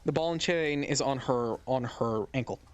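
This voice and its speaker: A man's voice: mid-range voice, normal speed, a little hiss or hum. A man running a tabletop game as game master, narrating loosely with fillers.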